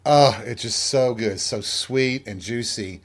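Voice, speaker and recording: A man from Tennessee talks on his own in a loose, candid monologue, with a voice at an ordinary middle pitch. He is frank and pokes fun at himself as he rambles from one story to the next. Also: takes it slowly. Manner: frank and self-deprecating, rambling. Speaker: podcast host.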